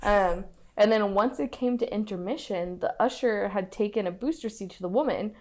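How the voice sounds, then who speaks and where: A young woman co-hosting a podcast, telling a ghost story in a casual, playful way with frequent laughs. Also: medium pitch. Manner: giggly, playful, puts on silly voices. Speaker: podcast co-host.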